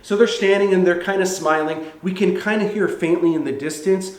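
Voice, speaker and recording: A man teaching screenwriting in a lively, conversational way. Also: sits high, brisk, a little hiss or hum. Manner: animated, conversational. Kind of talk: instructional talk. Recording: roomy echo.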